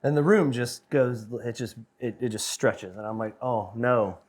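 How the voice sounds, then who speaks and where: Podcast guest, man in his 30s, excitable rambler, salty language, mid-range voice. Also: mid-range voice, moderate pace. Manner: excitable, rambling, swears freely. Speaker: guest band member. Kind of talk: casual anecdote telling.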